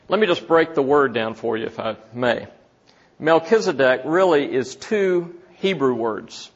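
Slow, deliberate male preacher. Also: mid-range voice, dull audio. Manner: slow, deliberate, asks the listeners questions. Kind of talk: Bible teaching sermon.

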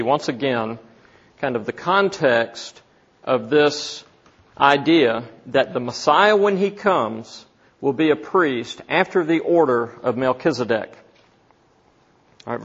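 A man teaching from the Bible in a sermon, slow and deliberate, asking his listeners questions. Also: fairly high pitch, highs cut off. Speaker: preacher.

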